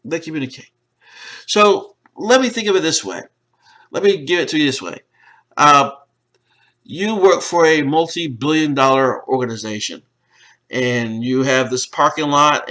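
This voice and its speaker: A man's voice: on the high side, moderate pace, bright, forceful tone. A man lecturing on organizational psychology, explaining ideas through lists of everyday examples. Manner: explanatory, listing examples in short phrases. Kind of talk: recorded lecture.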